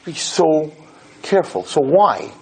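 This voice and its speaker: A man giving a podcast Torah class in an animated way. He stumbles over repeated words as he builds each point and acts out parents and kids in quick asides. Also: a little high, slightly rough. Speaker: Torah lecturer.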